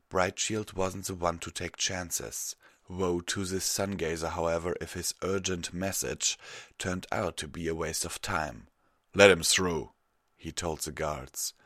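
A man narrating a fan fiction story aloud in a measured, even way. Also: low-pitched, no room sound, clean studio sound. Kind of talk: audiobook reading of fan fiction.

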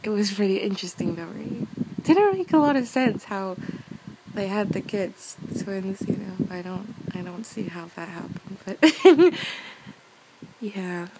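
A young woman reads a fairy tale aloud as a bedtime story in a soft, casual way. Her voice sits at an ordinary middle pitch, and she laughs lightly at her own slips. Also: sing-song, a little slow, noisy background.

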